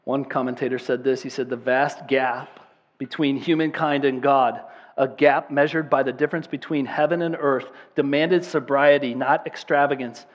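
A male pastor preaching a sermon, swinging between loud, emphatic declarations and quiet, earnest appeals, repeating words for emphasis. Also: mid-range voice, fairly even intonation, normal speed, lo-fi sound.

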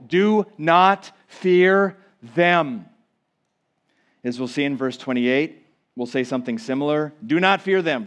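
A man with a high-pitched voice preaches a sermon in a church sanctuary. He swings between loud, emphatic declarations and quiet, hushed asides as he works through the text for his congregation. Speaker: pastor.

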